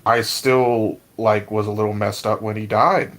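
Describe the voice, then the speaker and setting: Podcast co-host, male, flat low delivery with gravel. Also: low-quality recording. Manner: slow and measured, swears casually. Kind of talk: casual podcast review chat.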